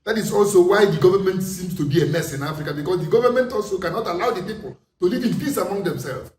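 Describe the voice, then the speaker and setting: Nigerian man in an echoey room. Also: a little high. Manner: forceful, rhetorical questions. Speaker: commentator. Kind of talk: impassioned political monologue. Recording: echoey room, distant mic, faint noise.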